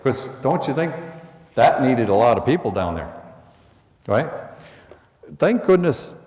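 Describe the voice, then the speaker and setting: A middle-aged man from the Bronx with a New York accent tells students a blunt, conversational story about his time as a police lieutenant, acting out the orders he gave. His mid-range voice is unhurried and a little mellow with big pitch swings, recorded from a distance in an echoey school hall.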